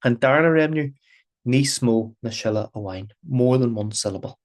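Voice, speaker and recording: A man's voice: mid-range voice, normal speed. Man, mid-range voice, patient language teacher, repeats and switches languages. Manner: patient, repetitive explaining, switching between Irish and English. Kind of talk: recorded grammar lesson.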